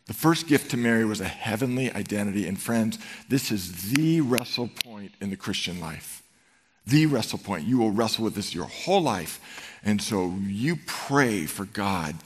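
A pastor in his fifties preaches to his congregation in a lowish, breathy-edged voice at a moderate pace, the sound carrying long hall reverb. His storytelling is animated, and he acts out the scenes he describes.

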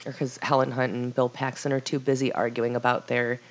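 A woman's voice: extremely low pitch, flat delivery, a little fast. A woman co-hosting a casual movie podcast, trading dry, sarcastic quips. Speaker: podcast co-host. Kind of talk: casual movie review chat.

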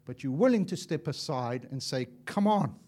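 A man preaching a sermon as an evangelist, impassioned and swinging from loud to hushed, acting out little dialogues as he tells stories. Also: mid-range voice, very animated, moderate pace. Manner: acts out dialogue in storytelling.

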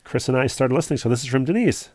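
A man's voice: medium pitch, animated, racing, a little mellow, no echo, studio quality. A man co-hosting a podcast, reading listener emails aloud and wandering off into rambling asides in casual chat. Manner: rambling, digressive, full of asides. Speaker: podcast co-host.

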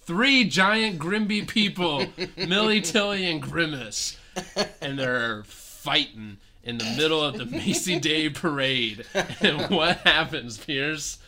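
A man's voice: a little high, slow pace, pushed and bright. A man improvising an absurd comedic story on a podcast, laughing as he rambles. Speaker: podcast co-host.

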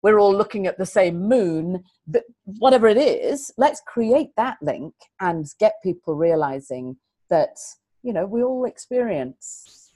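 A middle-aged woman speaks in an earnest, animated way, pressing her points by repeating them. The recording is dry and close, with no room sound. She talks like a teacher sharing stories in a conversational interview. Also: mid-range voice, a little slow, breathy edge, no room sound. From England. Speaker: teacher and guest.

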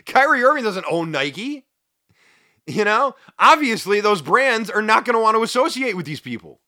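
A man hosts a solo podcast of opinionated commentary, sounding emphatic and indignant with sarcastic asides. His high voice is very animated, bright, and forceful at a moderate pace, recorded with studio quality and no echo.

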